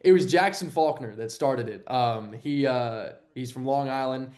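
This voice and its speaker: A young man from Texas, a sports anchor, telling stories as a guest on an interview podcast and acting out quotes in a higher voice. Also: a little slow. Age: young adult. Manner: animated storyteller, acts out quotes with a jump in pitch. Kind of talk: casual interview chat.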